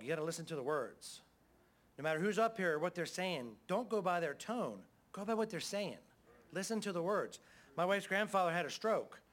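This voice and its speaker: A man's voice: a little high, fairly bright tone. A middle-aged man preaching a sermon as pastor, in a folksy, conversational way with frequent calls of amen.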